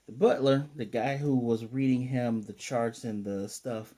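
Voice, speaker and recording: A man giving a casual, animated recap of an anime episode as a reviewer and acting out the characters' lines as he goes. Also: mid-range voice, unhurried.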